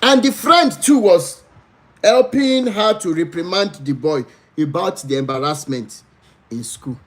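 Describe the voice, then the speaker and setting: Nigerian male host, spoken storytelling with emphatic pleading and lively pitch jumps. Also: measured pace. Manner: pleading, animated storytelling with dramatic pitch swings. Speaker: livestream host. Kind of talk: storytelling to live viewers.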